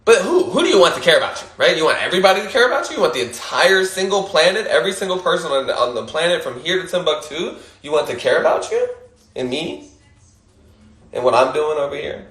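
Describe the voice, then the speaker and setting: A man's voice: on the high side, big pitch swings, quick pace, a bit bright, reverberant. A man hosting an Instagram Live, giving a casual motivational monologue, emphatic and swearing casually, often laughing and repeating his points.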